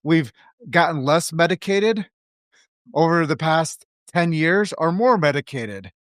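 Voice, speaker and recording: A man's voice: fairly high pitch, expressive, unhurried, a bit bright, dry recording, clean studio sound. A man hosting a podcast in casual conversation, making emphatic points and putting questions to his guest. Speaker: podcast host.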